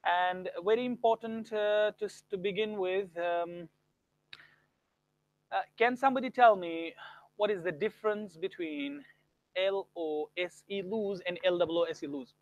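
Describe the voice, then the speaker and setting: Brief: young male grammar teacher, high-pitched, dry close sound, swoops up hard on example questions. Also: measured pace, no echo, dull audio. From India. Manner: explains with exaggerated example tones, rising sharply for questions. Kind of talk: live online grammar lesson.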